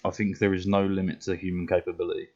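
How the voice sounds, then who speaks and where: British male streamer, very low voice, blunt and sweary, dull lo-fi mic sound. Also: monotone, fast talker, darkish tone. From Britain. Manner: blunt, sweary, laughs often. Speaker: game streamer. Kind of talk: casual chat while gaming.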